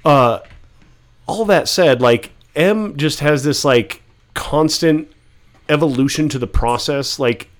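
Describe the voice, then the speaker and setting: A man's voice: fairly high pitch, takes it slowly. A man talking casually on a podcast, rambling with lots of fillers, restarts and swearing. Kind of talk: casual podcast chat about rap albums.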